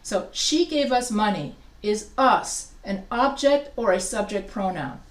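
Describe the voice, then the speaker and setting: Heard from afar in an echoey, roomy classroom, a woman teaching writing gives a live grammar lesson. She is a patient explainer who goes step by step and quizzes students, with a medium-pitched, expressive voice at a measured pace.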